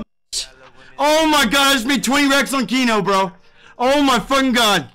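A man's voice: extremely high pitch, normal speed, pushed and bright, a faint crowd. A man talking live to his stream viewers, swearing often and repeating his exclamations.

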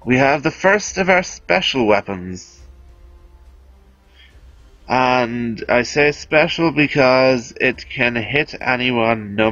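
Game guide host: man, unhurried, offhand and chatty, dull dry home mic with faint music underneath. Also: mid-range voice, fairly bright tone, no room sound. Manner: chatty, offhand, self-amused. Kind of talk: casual gameplay commentary.

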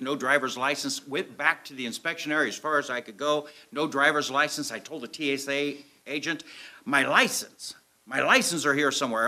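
Male preacher, lively storyteller, bright and tense tone, wide-ranging pitch, acts out the scenes. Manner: animated storyteller acting out scenes. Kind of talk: storytelling sermon. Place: church sanctuary with audience. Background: audience laughter.

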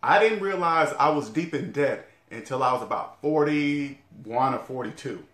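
A man in his forties talks straight to his viewers on a finance vlog, his pitch swinging up and down as he drives each point home. He repeats himself for emphasis, throws in the odd curse, and keeps asking whether they follow. The sound is roomy, with a clear echo around him. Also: animated, a little slow, fairly bright tone. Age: 40s. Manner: emphatic, repetitive, profane, asks "all right?" often. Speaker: debt-free finance vlogger. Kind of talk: casual talking-head rant.

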